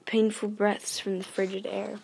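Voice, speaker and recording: A woman reads a first-person ghost story aloud from a novel, her middling, slightly mellow voice carrying a gravelly fry and barely moving in pitch. Her pace is normal and steady, yet she often stumbles, restarts phrases and corrects herself.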